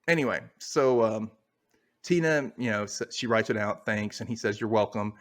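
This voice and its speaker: A man's voice: fairly low pitch, normal speed. A man hosting a casual podcast, retelling scenes and acting out the characters' lines. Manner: animated retelling, acts out lines. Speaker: podcast host. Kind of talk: casual recap chat.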